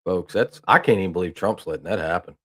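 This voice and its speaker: A man with a low, fast, pushed and bright voice that has a breathy edge. He hosts a news talk stream, reading news aloud casually and telling a rambling, folksy story full of restarts and "I mean."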